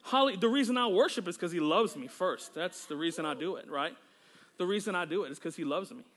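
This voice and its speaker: A man's voice: high voice, animated, a little fast, a bit bright. A male pastor preaching a sermon during a church service. He is fervent and exclamatory, breaking into praise often and joking casually with the congregation.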